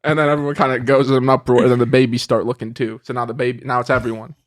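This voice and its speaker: A man on a comedy podcast, improvising an absurd story in a rambling, animated way with frequent laughs. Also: medium pitch, rapid-fire, no echo, studio quality. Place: podcast studio.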